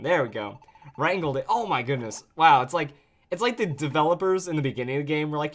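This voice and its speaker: A man's voice: on the high side, animated, quick pace. A man giving casual, chatty, jokey commentary while playing a video game. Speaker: let's play host.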